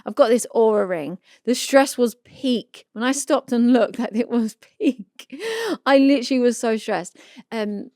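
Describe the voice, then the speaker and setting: A woman in her thirties, a podcast co-host, chatting casually and telling a story with animated reenactment. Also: on the high side, unhurried, no echo, studio quality. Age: 30s.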